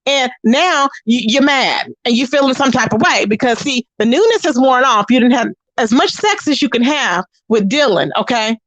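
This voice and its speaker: A woman's voice: on the high side, expressive, normal speed, few pauses, fairly bright tone, dry recording. A woman hosting a casual livestream, reading chat comments and gossiping straight to her viewers. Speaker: channel host.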